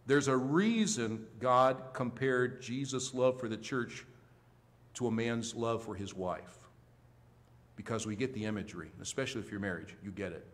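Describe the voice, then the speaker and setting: A male pastor preaching a sermon with emphasis, swinging between loud, high rises and quiet, low drops. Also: in a large hall. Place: church sanctuary.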